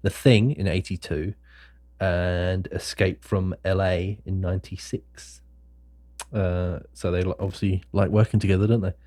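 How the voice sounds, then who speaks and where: A man co-hosting a movie podcast, excitedly sharing film trivia in relaxed banter. His voice is fairly low. The recording is dry and close, with no room echo. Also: measured pace. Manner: enthusiastic, nerdy trivia telling. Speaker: podcast co-host. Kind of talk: casual film chat.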